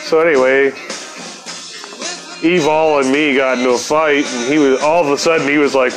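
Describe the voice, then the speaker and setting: A man's voice: medium pitch, steady tone, moderate pace, pauses often, music in the background. A man telling a story from his past in a casual, laid-back way, cursing freely and laughing often.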